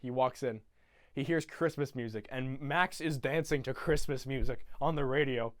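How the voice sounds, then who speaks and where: A man's voice: mid-range voice, normal speed, no room sound, clean studio sound. A young man casually retelling a film from memory, rambling with many fillers and swearing. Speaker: YouTuber.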